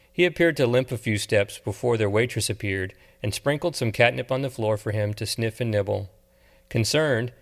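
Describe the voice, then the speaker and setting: Low-voiced male audiobook narrator. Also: vocal fry. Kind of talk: scripted narration.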